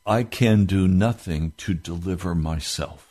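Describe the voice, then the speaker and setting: A man's voice: sits low, unhurried, dark tone. A man preaching a sermon with impassioned delivery, from the United States, rising into fervent outbursts.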